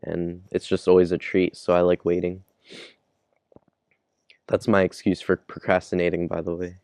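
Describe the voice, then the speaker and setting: A man's voice: deep voice, monotone, moderate pace, creaky, darkish tone, dry recording, studio quality. A man casually reviewing a manga chapter, laid-back, chuckling and thinking aloud. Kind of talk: casual chapter read-along.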